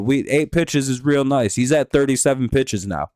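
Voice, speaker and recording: A man's voice: medium pitch, moderate pace, few pauses, darkish tone, no room sound, clean studio sound. A man hosting a live stream, giving rambling, offhand game commentary with casual swearing.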